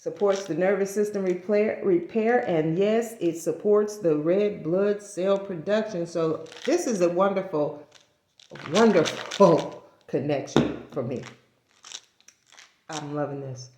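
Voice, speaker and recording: A woman's voice: lowish voice, takes it slowly, dark tone. A woman vlogging casually and speaking to the camera. She rambles, corrects herself and laughs at her own stumbles. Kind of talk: casual talking-head vlog. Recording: echoey room.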